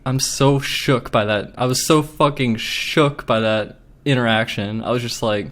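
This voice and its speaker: A man's voice: mid-range voice, normal speed, hardly any pauses, fairly bright tone. A man telling a story casually, agitated and swearing often, with lots of filler words. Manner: profane, agitated, filler-heavy.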